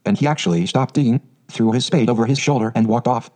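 Man narrating an audiobook, mellow warm tone, steady reading. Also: medium pitch, fast. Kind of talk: scripted storybook narration.

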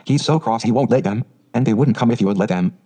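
A cheeky seven-year-old boy from a storybook, taunting and full of scorn, as a man reads him. The tone is mellow and warm, pitched at a plain middle. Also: quick pace, husky, natural voice.

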